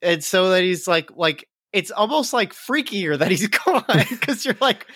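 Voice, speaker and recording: Podcast dude, bright slightly high voice, gets all emotional and chatty. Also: male voice, very animated, measured pace, no room sound. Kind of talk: casual chat.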